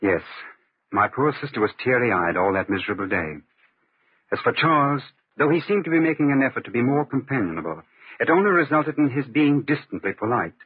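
An actor narrating and playing an upper-class gentleman in a 1940s radio drama, speaking in a clipped, authoritative way. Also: medium pitch, lively intonation, brisk, slightly rough, no echo. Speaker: narrator and brother of the household. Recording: tinny old radio recording.

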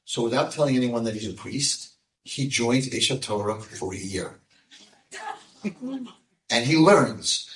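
A rabbi telling a story to a live audience, moving between hushed passages and loud, emphatic bursts. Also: male voice, on the low side, moderate pace. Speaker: rabbi and speaker. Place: room with an audience. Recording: echoey room, voice from a distance.

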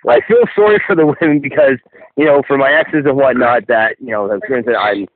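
A man's voice: mid-range voice, fast talker. Joking Canadian man on a hissy line. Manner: joking, laughs a lot, agreeable. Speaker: podcast co-host. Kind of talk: casual banter. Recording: tinny phone-like line with clear hiss.

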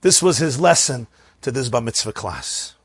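A man telling an animated religious story, acting out the people in it. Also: mid-range voice, moderate pace. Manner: animated, acts out the characters.

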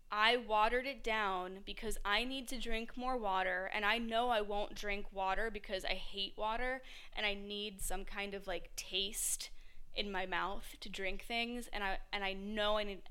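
A woman's voice: mid-range voice, sharp tone, clear, resonant tone. A young woman hosting a podcast, telling a story in a casual monologue, swearing freely and acting out both sides of the conversation. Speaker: podcast host.

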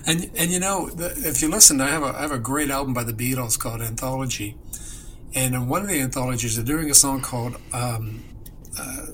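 A man from Canada co-hosting a casual chat about music history, enthusiastic and quick to laugh. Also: mid-range voice, fairly even intonation, fairly bright tone, slight background noise, poor audio. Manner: enthusiastic, storytelling, laughs often. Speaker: co-host.

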